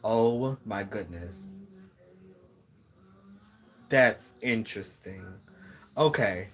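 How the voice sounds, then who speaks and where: A man with a lowish voice talks through a spiritual card reading for his viewers. He muses aloud, circling back and repeating words while he searches for the message. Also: animated, drawn-out words, fairly bright tone. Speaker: tarot reader.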